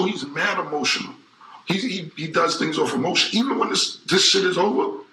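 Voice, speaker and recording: Gravelly, bright-voiced man in his forties. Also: a little high. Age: 40s. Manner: emphatic, repetitive, profane street talk. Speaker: interview guest. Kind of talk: casual interview talk. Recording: roomy echo.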